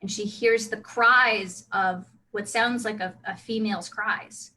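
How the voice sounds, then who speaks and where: A woman's voice: mid-range voice, fairly even intonation, unhurried, bright, forceful tone, poor audio. A woman casually telling her role-play character's backstory, chatty with many restarts. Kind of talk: casual storytelling.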